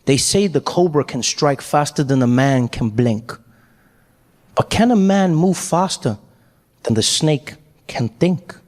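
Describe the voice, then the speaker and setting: A man voicing a cool, calm male cobra charmer who speaks slowly and dramatically. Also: a little high, in a large hall. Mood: solemn. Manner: slow, solemn and dramatic.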